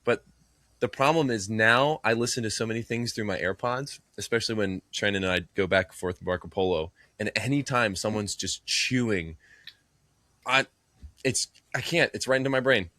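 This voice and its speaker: A man co-hosting a podcast in casual chat, telling animated, joking stories. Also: on the low side, moderate pace, no echo, clean studio sound. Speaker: podcast co-host. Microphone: earbud in one ear.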